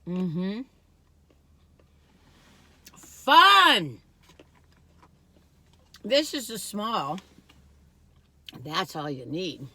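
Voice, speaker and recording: A chatty older woman in her sixties, talking to her viewers while she eats. Her voice is bright and forward, and she rambles from thought to thought, jumping from loud excited bursts to quiet musing. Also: lowish voice, takes it slowly, pauses often. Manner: chatty, rambling, wandering storytelling. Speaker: food vlogger. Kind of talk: casual taste-test chat.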